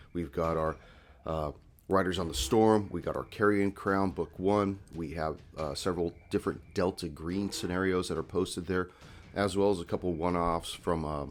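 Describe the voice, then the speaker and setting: A congested man hosting a tabletop game podcast as game master, talking in a relaxed, rambling way with plenty of fillers. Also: low-pitched, slight background noise. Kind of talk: podcast intro and casual chat.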